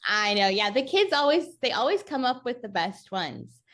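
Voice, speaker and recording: A woman's voice: on the high side, sing-song, normal speed. A woman in her thirties, a podcast guest who chats casually and laughs often. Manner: laughs often, soft and chatty. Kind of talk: casual chat.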